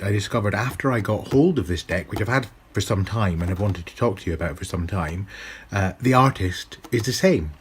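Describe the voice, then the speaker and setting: A man's voice: lowish voice, a little hiss or hum. A man giving a casual, chatty review of a tarot deck, with wry asides that poke fun at himself.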